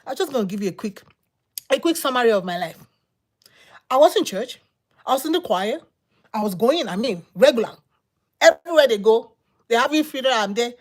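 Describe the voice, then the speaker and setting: A woman preaching through her own testimony, with a lively voice that sits a little high. She tells her story in repeated phrases and dramatic pauses, her pitch rising and falling through each line. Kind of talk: personal testimony sermon.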